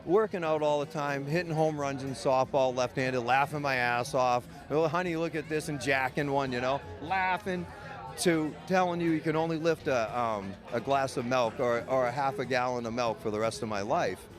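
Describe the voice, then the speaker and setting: A man's voice: mid-range voice, moderate pace, hardly any pauses, music in the background. A man candidly telling his own story in an interview, blunt and profane, rambling with restarts. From United States. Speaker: medical cannabis caregiver and patient.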